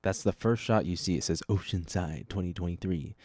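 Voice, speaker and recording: Low, dark-voiced young man rambling. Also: a little fast, no echo, clean studio sound. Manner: rambling, self-interrupting, casual swearing. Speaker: podcast host. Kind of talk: casual solo podcast chat.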